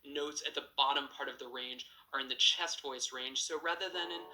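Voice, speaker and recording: A male vocal coach with a very bright, clean and ringing voice gives a singing lesson. He explains each technique plainly and moves between talking and short sung examples. The sound is roomy, with a clear echo. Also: fairly high pitch, fairly even intonation, brisk, few pauses. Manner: explanatory, breaks into sung demonstrations.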